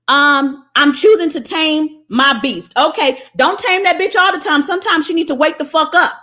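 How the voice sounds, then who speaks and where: A woman from the United States hosting a livestream, preaching in a blunt, profane, impassioned way while she reads out viewer comments. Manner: profane, blunt and preachy, swinging from loud to low. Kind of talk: impassioned motivational livestream talk.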